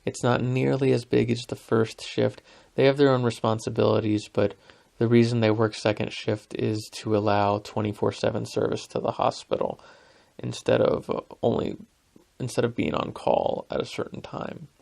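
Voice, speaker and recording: This podcast host is a young man whose mid-range voice stays level, with vocal fry, a darkish tone, and a moderate pace. He rambles casually through a story, poking fun at himself and using plenty of fillers.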